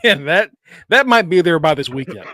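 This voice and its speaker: A man's voice: fairly high pitch, big pitch swings, moderate pace, bright, forceful tone. A man hosting a casual podcast, bantering and laughing with co-hosts. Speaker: podcast host.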